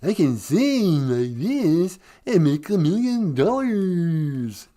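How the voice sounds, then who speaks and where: A man doing a mocking impression of an aging male folk-rock singer, talking in a nasal, mumbling, drawn-out half-sung voice. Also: on the high side, very animated, warm tone, pitched above the performer's own voice.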